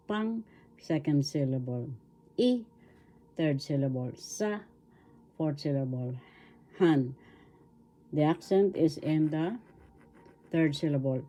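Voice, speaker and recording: An older woman from the Philippines, a teacher giving a slow language lesson, drilling words syllable by syllable and repeating them. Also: deep voice, dark tone.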